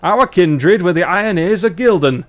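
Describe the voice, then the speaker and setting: A man voicing a proud, gruff male dwarf leader from the frozen north, in a put-on northern British accent and a formal, stern manner. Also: high voice, animated, moderate pace, voice pushed up.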